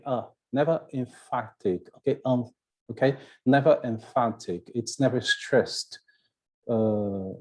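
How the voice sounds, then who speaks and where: A man's voice: mid-range voice, mellow. A man with a Brazilian Portuguese accent, a native Portuguese speaker, teaching an English video lesson and often checking in with "right?" and "okay?". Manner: explaining slowly, with frequent "right?" and "okay?" checks.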